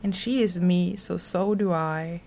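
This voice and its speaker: A woman reading aloud from her personal journal, soft and slow, sometimes dropping to a whisper. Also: on the low side, steady tone, gravelly, a little hiss or hum. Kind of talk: intimate journal reading, poetry-like.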